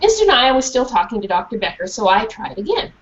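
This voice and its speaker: A woman children's author, her voice fairly high and a little fast, reads a storybook to a school classroom. She's animated and asks the class questions, and the sound is dull and lo-fi.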